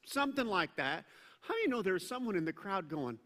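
A man's voice: sits high, very animated, a little fast, bright, forceful tone, in a large hall. A middle-aged man preaching a sermon as pastor, conversational, with joking asides and bursts of emphasis.

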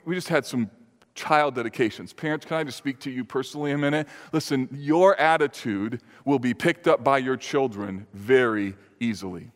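Male pastor, slightly high voice, emphatic sermon delivery, long church reverb. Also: a bit bright. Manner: earnest, emphatic preaching with sudden lifts and drops. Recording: reverberant hall.

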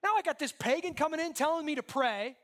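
A man's voice: very high voice, expressive, fast, fairly bright tone, pitched above the performer's own voice. A male preacher voicing a sulky runaway prophet who grumbles in self-pity. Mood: grumbling.

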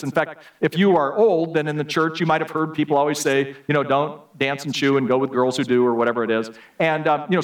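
A man's voice: a little high, a bit bright, distant mic, rough recording. Conversational male preacher heard from afar. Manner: conversational storytelling with many asides. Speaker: guest preacher. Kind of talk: sermon. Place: church.

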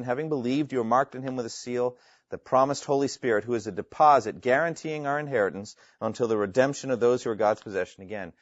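Here a man teaches the Bible to a live class and takes their questions, reading passages aloud and explaining them with earnest emphasis. His voice sits in the mid-range, and the audio is dry and lo-fi.

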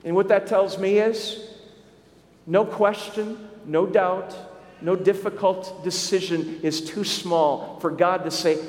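A man with a high-pitched voice preaches a sermon, putting questions straight to his congregation. His voice rings through a large hall with a long, echoing reverb. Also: steady tone, takes it slowly, darkish tone. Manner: storytelling preacher, speaks directly to the congregation with questions. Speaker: pastor.

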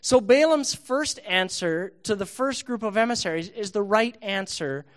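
A man, a pastor, telling a Bible story to children in a church service, playful and animated. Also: sits high, normal speed.

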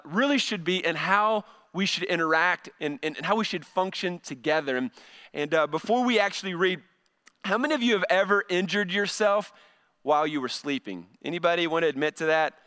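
A man's voice: sits high, pushed and bright, clear, resonant tone. A middle-aged male pastor giving a conversational sermon, often repeating words as he starts a phrase.

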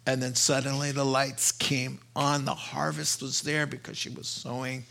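A middle-aged man preaching a sermon as pastor, earnest and storytelling, his voice climbing higher as he retells conversations. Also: little pitch movement, moderate pace, vocal fry, sharp tone. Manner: earnest, storytelling, rises in pitch when retelling dialogue.

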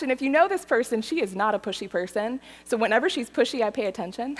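Animated woman preaching in a hall. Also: a little high, fast. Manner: animated storytelling, lively and laughing. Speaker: church speaker. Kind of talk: sermon. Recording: hall reverb.

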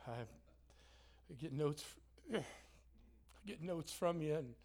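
A man's voice: on the high side, takes it slowly, darkish tone. A man preaching a sermon in a church, joking and self-deprecating, with frequent restarts. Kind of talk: sermon with humor. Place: church sanctuary.

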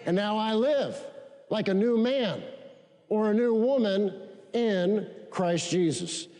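Preacher with a high voice in a reverberant hall. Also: male voice, slow, warm tone. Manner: preaching, repetitive call-and-response. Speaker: pastor. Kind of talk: sermon. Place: large church sanctuary.

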